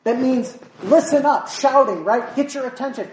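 A woman preaching a sermon and reading scripture aloud, emphatic and repetitive, at times rising almost to a shout. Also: high voice, moderate pace, hardly any pauses. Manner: emphatic, repeats words, rising to near shouts. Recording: roomy echo, voice from far off.

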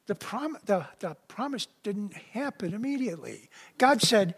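A man's voice: sits high, big pitch swings, measured pace, husky. A man preaching a sermon in a loose, conversational way, full of asides and restarts.

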